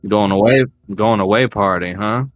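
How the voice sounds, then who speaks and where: A man's voice: on the low side, moderate pace, no room sound, narrow, tinny audio, soft background music, close to an everyday voice. A man voicing a sly, coaxing older woman of the bayou who sniffs at strangers and eats people. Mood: knowing.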